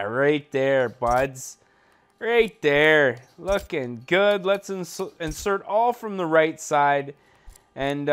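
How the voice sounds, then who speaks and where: Speaking with a slightly high, clean-toned voice, this young Canadian gaming channel host jokes his way through gameplay from a home setup. His commentary is laid-back and rambling, full of fillers.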